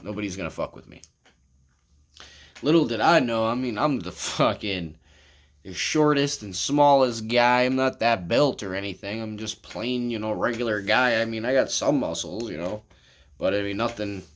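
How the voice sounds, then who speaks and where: A man's voice: fairly low pitch, moderate pace. A man telling a long personal story to his camera in a casual, rambling way, swearing often and filling gaps with "I mean" and "you know what I'm saying". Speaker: vlogger. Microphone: camera, talking to viewers.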